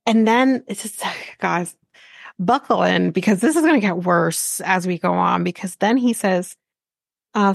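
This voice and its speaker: A woman's voice: medium pitch, a little slow, gravelly, dry recording, clean studio sound. Blunt, swearing woman podcast host. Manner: blunt and exasperated, swears freely. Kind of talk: casual chat recapping a reality show.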